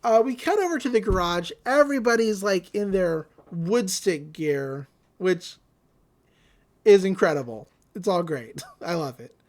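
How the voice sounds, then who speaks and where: Her voice is on the low side, a little mellow, animated, and unhurried as this woman co-hosts a podcast. She tells a rambling recap of a cartoon episode, acting out characters between fillers and laughter.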